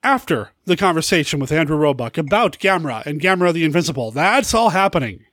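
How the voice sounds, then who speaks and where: A man's voice: fairly high pitch, very animated, fast talker, fairly bright tone. A man hosting a podcast in a casual, enthusiastic, rambling chat. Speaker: podcast host.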